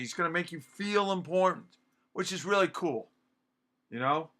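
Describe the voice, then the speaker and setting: A man's voice: sits high, animated, moderate pace, sharp tone. A man teaching a class, casually explaining and paraphrasing a story for students.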